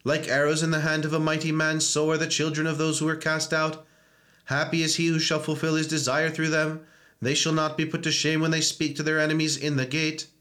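A man reading and chanting psalms in a church service, with steady monotone intoning. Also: fairly high pitch, a little fast.

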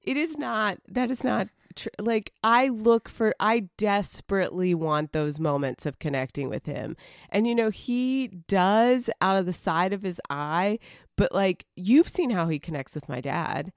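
A woman's voice: mid-range voice, lively intonation, unhurried, no room sound, studio quality. A woman co-hosting a podcast, speaking candidly and emotionally in casual conversation, pushing back at times. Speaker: podcast co-host.

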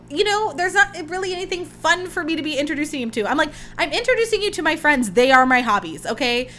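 A woman's voice: fairly high pitch, bright, forceful tone, a little hiss or hum. A young woman hosting her own podcast, chatting casually and gushing about her week with lots of "like"s. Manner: gushing, chatty, rambling with many "like"s. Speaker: podcast host. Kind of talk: casual solo chat.

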